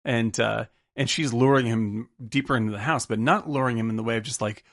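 A man co-hosting a podcast, animated and laughing often as he acts out scenes from films in quick impressions. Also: medium pitch, creaky, no echo, studio quality. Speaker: podcast co-host. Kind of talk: casual film discussion.

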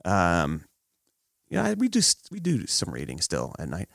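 A man in his thirties chatting on a podcast, telling jokey stories about his kids with lively put-on quotes. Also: deep voice, moderate pace, creaky, dry recording, studio quality. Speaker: podcast co-host. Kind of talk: casual chat.

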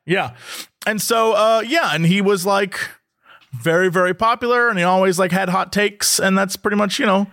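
High-voiced man, hesitant podcast chat. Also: normal speed, a bit bright, no echo, clean studio sound. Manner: hesitant, full of "like" and "uh". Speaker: podcast co-host.

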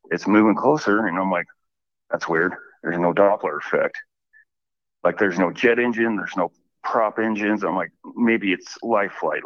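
A man's voice: deep voice, no room sound. A man calling in by phone and rambling through a personal story, acting out what everyone said with lots of "I'm like.". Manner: rambling, animated retelling with many "I'm like" quotes. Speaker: caller. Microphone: phone line. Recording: dull phone line.

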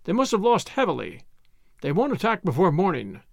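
A man's voice: sits high, huge pitch swings, fairly quick, vocal fry, no echo, studio quality, exaggerated voice. A man voicing an eager, confident young man who speaks reassuringly.

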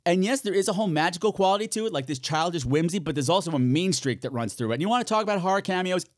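Campy, animated man hosting a podcast. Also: high voice, rapid-fire, no echo, studio quality. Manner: animated and campy, swears freely, talks to himself. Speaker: podcast host. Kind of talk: solo podcast chat, horror recommendations.

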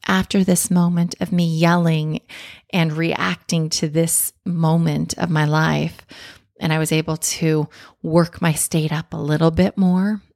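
Woman, a mother, candid and self-reflective storyteller; low voice with a gravelly edge. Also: darkish tone, no echo, studio quality. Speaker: mother telling a personal story.

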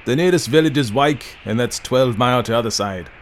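A man's voice: mid-range voice, brisk, slight background noise, natural voice. A man doing a surly old moorland guide. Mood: gruff, sullen. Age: older. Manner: gruff, grudging, clipped replies.

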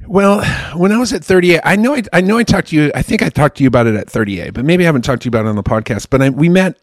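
A man co-hosting a podcast who tells rambling, profane, animated stories in casual chat. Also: a little high, racing, dry recording, clean studio sound. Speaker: podcast co-host.

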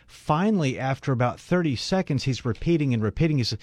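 Male radio co-host, mid-range voice, dry close mic, lively storyteller. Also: medium pitch, fast, no room sound. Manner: animated storyteller, voices the people in his story. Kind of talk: casual radio chat, storytelling.

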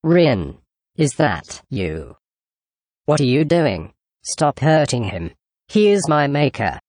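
A man's voice: mid-range voice, sing-song, slow, a little mellow, dry recording, clean studio sound. A man voicing a loyal ship AI. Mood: pleading. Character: earnest AI ship crewmate, loyal and calm.

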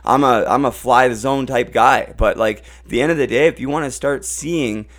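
A Canadian man hosting a casual chat, talking in an animated way and getting louder when he makes a point. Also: mid-range voice, normal speed. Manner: animated, rises and gets loud when making a point. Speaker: host.

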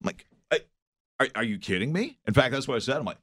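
A man hosting a morning show, telling a story in casual chat, animated, with frequent hesitations and restarts. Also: mid-range voice, quick pace, no echo.

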